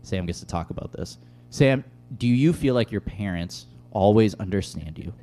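Low, mellow-voiced male pastor. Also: lively intonation, moderate pace. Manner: conversational, casual, with many fillers. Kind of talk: sermon. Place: room with tables and an audience.

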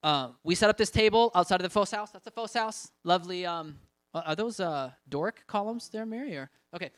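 A young man giving a casual talk about evangelism training over slides, full of fillers and quick laughs as he acts out little quotes. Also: sits high, no room sound, clean studio sound. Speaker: ministry trainer presenting.

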